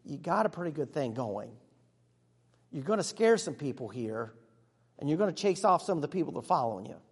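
Man performing a disciple monologue, excitable and chatty, high voice, long hall reverb. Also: a little fast, slightly rough, exaggerated voice. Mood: earnest. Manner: conversational storytelling with sudden hushes and bursts. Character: earnest, excitable male disciple of Jesus telling his story. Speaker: actor in a church monologue. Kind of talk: first-person dramatic monologue.

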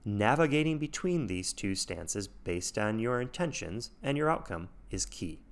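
A man hosting an instructional podcast, speaking in a measured, deliberate way that shows off his intonation. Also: on the low side, very animated. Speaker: podcast host.

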